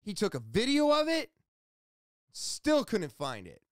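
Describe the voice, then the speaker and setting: A podcast host, a man, telling a story in a casual monologue, excitable and loud, rambling with restarts and asides. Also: sits high, unhurried, no echo, studio quality. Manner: excitable, loud, almost yelling.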